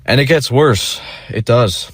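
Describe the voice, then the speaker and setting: A man's voice: mid-range voice, a little slow, fairly bright tone, husky, no room sound. A young man telling a rambling, profane story in a casual monologue, full of fillers and restarts. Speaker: vlogger.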